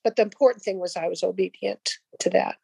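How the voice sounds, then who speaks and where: A woman's voice: mid-range voice, quick pace, creaky, dark tone, husky, no echo, rough recording. An older woman casually telling a personal faith story, rambling with restarts and acting out the dialogue. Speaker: guest sharing a testimony.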